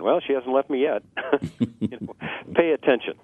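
Fast-talking man on a tinny phone line. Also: medium pitch. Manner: lively, acts out customer dialogue, laughs at own jokes. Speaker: sales trainer guest. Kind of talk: radio talk giving sales tips. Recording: tinny phone-line radio audio, dry.

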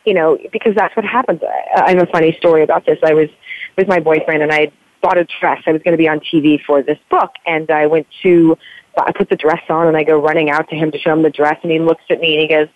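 A woman's voice: low-pitched, dry recording. A woman in her forties talks candidly as an interview guest. She rambles earnestly and leans on "you know" often. Her voice comes through a thin, tinny phone line with a dry, close sound. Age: 40s. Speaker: author guest. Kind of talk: candid podcast interview talk.

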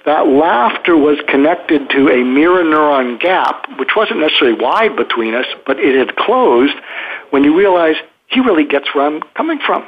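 A man's voice: a little high, expressive, moderate pace, slight background noise. An older man, a psychiatrist guest, explaining at length in a rambling way with many fillers and restarts. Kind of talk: casual explanatory interview talk. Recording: tinny phone line.

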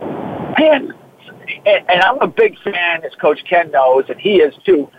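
A man's voice: sits high, very animated, takes it slowly, breathy edge. A man with a Boston accent, talking in a rambling, enthusiastic way on a radio show. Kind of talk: casual radio talk. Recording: phone-line sound.

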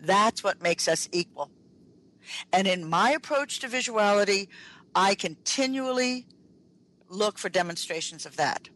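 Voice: mid-range voice, animated, a little slow, a bit bright, poor audio. A radio host giving an emphatic lecture-style talk as a workplace trainer, repeating key phrases and speaking straight to the listeners.

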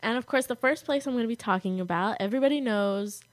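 A woman's voice: fairly high pitch, fast talker, dry recording. A teenage girl from the American Southwest, chatting casually as a podcast co-host, giggly and gushing with enthusiasm. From United States, Arizona and Colorado. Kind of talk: casual chat.

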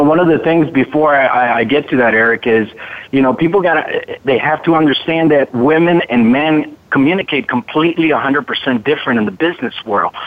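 A man speaking as a body language expert on a radio show, talking confidently and emphatically over a phone line. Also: mid-range voice. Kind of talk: conversational radio interview.

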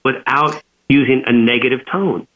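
A man's voice: mid-range voice, normal speed. A man from California, a guest author on a radio interview, telling stories animatedly and acting out the dialogue he quotes. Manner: animated storyteller who acts out quoted dialogue. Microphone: phone line. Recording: tinny phone line.

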